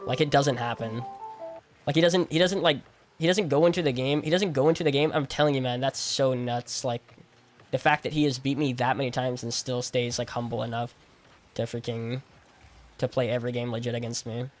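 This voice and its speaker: A young man streaming a game addresses his chat in a brisk, mid-range voice with a steady tone, soft music behind him. His talk is casual and argumentative: incredulous, repetitive, and thick with slang and "like."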